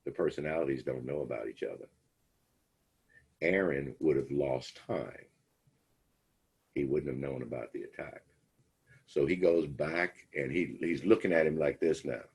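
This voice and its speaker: Speaking unhurriedly with vocal fry and long pauses, a man with an extremely low, slightly rough, somewhat mellow voice lectures casually. As an instructor, he recounts a film plot in a rambling way, voicing the quoted lines and using plenty of fillers.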